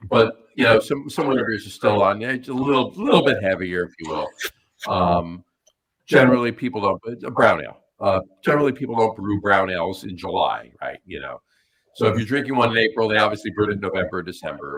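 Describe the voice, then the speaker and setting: A man's voice: lowish voice, a bit bright, poor audio. A man co-hosting a podcast, talking loosely and at length in a casual chat over beers. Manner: loose, rambling list-making. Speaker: podcast co-host.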